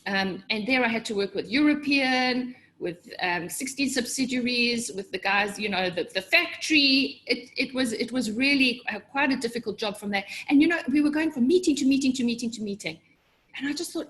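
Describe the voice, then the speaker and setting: A middle-aged woman, working as a business coach, delivers a motivational webinar at a normal speed. She is animated and often acts out the voices in her head, jumping suddenly in pitch.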